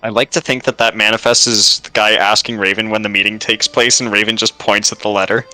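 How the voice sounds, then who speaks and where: A man's voice: lowish voice, steady tone, a little fast, sharp tone, rough recording. A man playing in a tabletop game, talking matter-of-factly about the rules. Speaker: player. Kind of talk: tabletop game play, casual.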